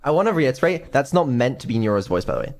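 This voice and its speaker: A man's voice: mid-range voice, very animated, fast talker, a little mellow. A man streaming as a developer, talking casually with lots of ums and dry sarcasm. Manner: mumbling, hesitant, many ums, dry sarcasm.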